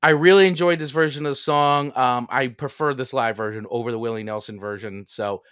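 A man co-hosting a podcast in a casual chat, easygoing and a little halting, often restarting his sentences. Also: medium pitch, fairly bright tone, clear, resonant tone, dry recording, studio quality. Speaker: podcast co-host.

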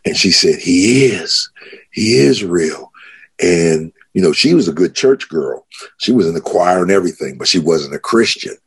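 A man's voice: brisk, husky. A man, a pastor, telling the story of his conversion in a podcast interview, getting more and more worked up as he goes. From United States. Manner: grows excited, pitch rising as he retells shouting.

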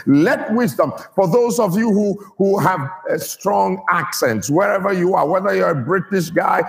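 A man's voice: sits high, moderate pace, gravelly, long reverb tail. A man preaching a sermon to his church, stressing key words and getting the people to repeat them. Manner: emphatic, draws out key words and gets the congregation to repeat.

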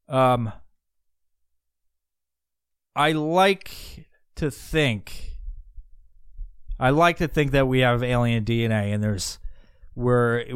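A man's voice: medium pitch, clean tone, no echo, clean studio sound. Rambling, profane man musing aloud. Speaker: podcast host. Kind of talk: casual rambling monologue.

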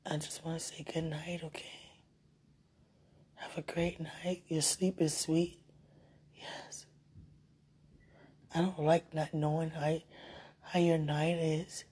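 A woman's voice: deep voice, little pitch movement, takes it slowly, pauses often, mellow, slightly rough. A woman leaving a tender, teasing phone message for her partner, with the phone held close to her mouth. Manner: tender, sweet-talking, teasing.

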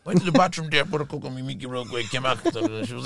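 Gravelly, animated man telling stories. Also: mid-range voice, fast talker, few pauses. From Ireland. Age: 30s. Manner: rambling, laughing storyteller. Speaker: podcast guest. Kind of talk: casual chat.

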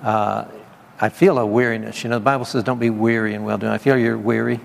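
A man's voice: fairly low pitch, little pitch movement, brisk, creaky, a little hiss or hum. A man preaching and giving prophetic words to people in a meeting, in a casual, conversational way with laughing asides and repeated praise. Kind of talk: informal charismatic ministry. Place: church meeting hall. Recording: long hall reverb, faint background ambience.

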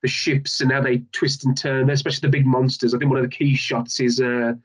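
A man in a casual film chat, rambling with lots of restarts and fillers, getting animated. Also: mid-range voice, fairly quick, breathy edge.

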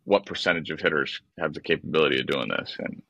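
A man co-hosting a podcast, telling a baseball story in an animated, exasperated way and swearing freely. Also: rumbling low, fast, creaky, slightly rough, no echo, poor audio. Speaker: podcast co-host, former baseball player.

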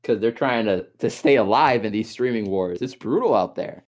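Wry, lively man, low voice. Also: normal speed. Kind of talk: casual chat.

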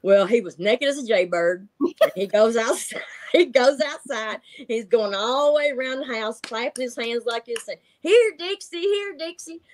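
A woman's voice: on the high side, moderate pace. A middle-aged woman, telling stories in casual chat, laughing often and acting out voices. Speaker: guest telling encounter stories.

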